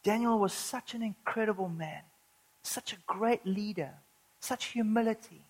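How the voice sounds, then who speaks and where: An earnest woman preaching from the pulpit. Her voice sits at an everyday pitch, with heartfelt, emphatic surges and slow, deliberate reading of scripture. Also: husky, poor audio. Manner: earnest, builds to urgent emphatic stretches, slows for scripture. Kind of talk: sermon.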